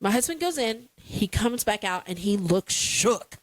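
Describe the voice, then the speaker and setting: A woman's voice: mid-range voice, animated, a little slow, no room sound, low-quality recording. A woman co-hosting a casual chat, telling a story dramatically with playful exasperation. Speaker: podcast co-host.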